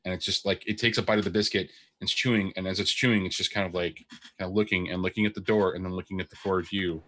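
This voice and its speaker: A man's voice: low voice, steady tone, quick pace, sharp tone. A man narrating as game master of a tabletop game, describing scenes at length with many fillers.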